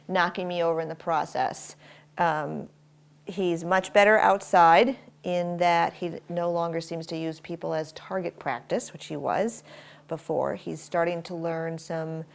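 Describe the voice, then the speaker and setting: A woman with a low, gravelly voice teaches dog training at home. She talks viewers through each step and breaks off now and then to give the dog short, firm commands. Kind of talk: instructional dog training demonstration. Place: inside a house.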